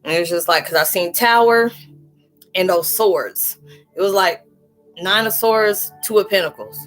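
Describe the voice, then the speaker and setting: A woman's voice: medium pitch, lively intonation, unhurried, fairly bright tone, faint music behind. A woman hosting a casual livestream tarot reading, talking loosely and rambling, often acting out quoted voices. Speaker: spiritual tarot reader hosting a live chat.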